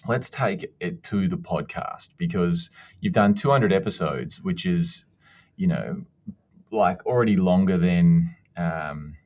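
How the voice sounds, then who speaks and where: Australian male guest, very low voice, easygoing and jokey, stumbles over restarts. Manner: relaxed and joking, with repeated false starts. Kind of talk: casual podcast conversation.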